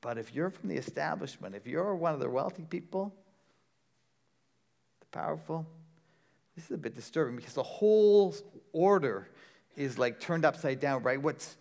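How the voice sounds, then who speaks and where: A man preaching a sermon in a conversational, rhetorical way, often checking in with a quick "right?". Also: a little high, animated, gravelly, darkish tone. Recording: long reverb of a large hall.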